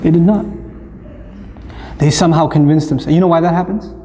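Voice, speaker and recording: A man with a fairly high, mellow voice gives a humorous talk on parenting and acts out family scenes as he goes. His voice carries long reverb, as in a large hall. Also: expressive, fast talker, long pauses, a little hiss or hum. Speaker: speaker.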